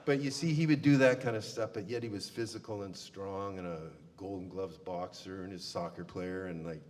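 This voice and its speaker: A man's voice: low-pitched, normal speed, darkish tone. A man giving a funeral eulogy, telling folksy stories with plenty of fillers. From Canada. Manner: folksy storyteller with many fillers. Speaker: eulogy speaker. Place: funeral service hall. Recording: long hall reverb, faint room noise.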